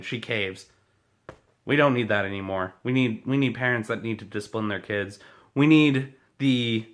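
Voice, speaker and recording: A man's voice: medium pitch, a bit bright. A man delivering a heated, profane political rant to camera as a vlogger, combative and blunt.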